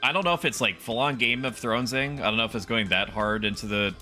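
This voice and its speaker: A young man livestreaming a video game as a VTuber, chatting with viewers and breaking into loud, animated outbursts at the game. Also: mid-range voice, quick pace, faint music behind. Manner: animated, yells and laughs at the game. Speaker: VTuber streamer. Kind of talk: gaming livestream commentary.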